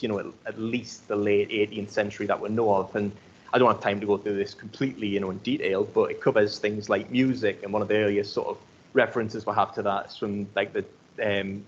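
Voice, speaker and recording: A young man with a Geordie accent from South Shields giving an academic talk in a loose, conversational way, full of "um" and "like". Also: on the low side. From South Shields, North East England. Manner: conversational, many fillers like um and like. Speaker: archaeology lecturer. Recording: dull lo-fi recording with faint noise.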